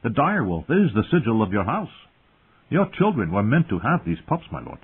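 A quiet, serious teenage boy, voiced by a man. He lays out his words in a measured, earnest way with a husky edge. The recording is thin and tinny. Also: wildly swooping pitch, exaggerated voice. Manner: measured, earnest, raised pitch. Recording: tinny phone-like sound.

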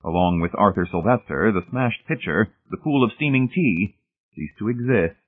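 A man with a husky voice narrating a story, reading steadily and shifting voices for the characters. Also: on the low side, expressive, moderate pace. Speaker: audiobook narrator. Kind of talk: scripted narration. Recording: tinny phone-like audio.

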